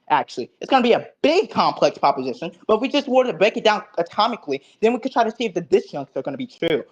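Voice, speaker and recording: Swaggering and foul-mouthed, this man goes back over an online debate as if giving a lecture in logical terminology. He alternates booming outbursts with quiet grumbling.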